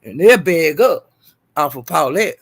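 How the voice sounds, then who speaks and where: A man's voice: a little high, lively intonation, measured pace, creaky, husky, no room sound. A man livestreaming, telling gossip in a casual chatty way, laughing often and calling out "child" and "honey".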